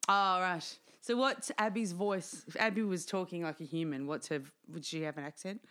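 A woman hosting a podcast, chatting casually with quick asides and easy laughs. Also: lowish voice, fairly bright tone. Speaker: podcast host.

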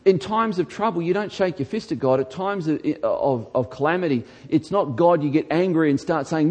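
A man who is a pastor, delivering an emphatic sermon in a church and rising to shouts on key lines. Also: on the high side, moderate pace, few pauses.

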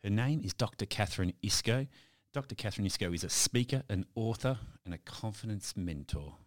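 A man's voice: on the low side, expressive, a little fast. A man hosting a podcast interview, chatty and prone to restarts. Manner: chatty, stumbling over restarts. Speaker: podcast host. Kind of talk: casual interview.

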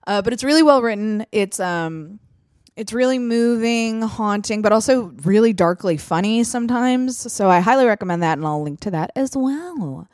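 A woman's voice: fairly high pitch, expressive, moderate pace, darkish tone, no echo, clean studio sound. A woman hosting a podcast in casual chat, talking frankly with plenty of fillers and casual swearing. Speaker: podcast host.

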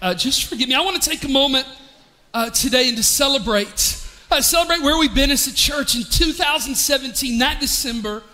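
A man's voice: very high voice, a little fast, sharp tone, in a large hall. A man, a pastor delivering a heartfelt, emotional sermon to his church. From East Tennessee, US. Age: 40s. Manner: emotional, heartfelt, with frequent restarts. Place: large church hall.

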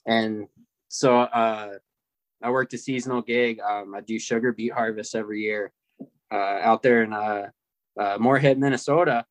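Relaxed storytelling man, dry sound. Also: fairly low pitch, normal speed, dry recording. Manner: relaxed storytelling, rambling with fillers, laughs. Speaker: podcast guest. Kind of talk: casual chat.

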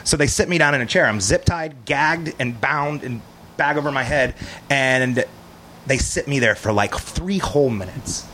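A man's voice: mid-range voice, normal speed, pushed and bright, a little hiss or hum. A man guesting on a podcast, telling a story vividly and animatedly, swearing freely. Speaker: movie guest. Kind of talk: casual storytelling.

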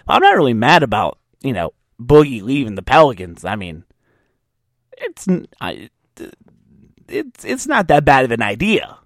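A young man from Louisiana hosts a solo sports podcast, ranting sarcastically and getting worked up. His voice sits at an ordinary middle pitch. The recording is close and dry with no room sound. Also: huge pitch swings, moderate pace, dry recording. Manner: sarcastic, mocking, riled up. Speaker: podcast host.

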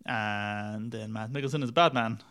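A man's voice: lowish voice, normal speed, gravelly, a bit bright, smooth. A man reviewing films in casual chat, rambling and wry, laughing at his own jokes and swearing now and then. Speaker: podcast film reviewer.

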